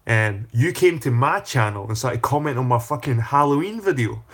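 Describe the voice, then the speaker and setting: A man with a husky, slightly rough voice sits in the middle of the male pitch range. He hosts a casual livestream, swearing freely as he rambles and circles back over the same phrases. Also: lively intonation, a little fast, fairly bright tone. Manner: profane, rambling, repeats phrases. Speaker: channel host.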